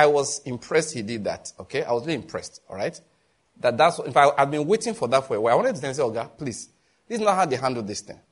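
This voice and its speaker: Nigerian male preacher, husky high voice, lively storyteller who voices others. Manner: animated storytelling, voicing others in a raised pitch. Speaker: pastor. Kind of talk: sermon.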